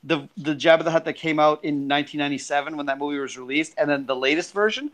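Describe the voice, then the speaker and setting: A man's voice: a little high, quick pace, fairly bright tone. A man in casual chat giving emphatic, opinionated takes on movies.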